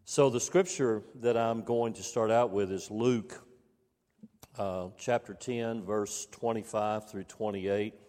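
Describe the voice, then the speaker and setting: A man preaching a sermon to his congregation, reading scripture aloud and repeating key phrases for emphasis in a measured way. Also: on the low side, steady tone, warm tone, long reverb tail. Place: church sanctuary.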